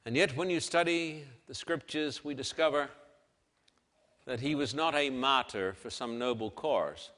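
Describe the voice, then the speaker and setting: A man preaching a dramatic sermon and reading scripture, swinging between loud declarations and hushed, soft passages. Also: medium pitch, a little slow, long reverb tail.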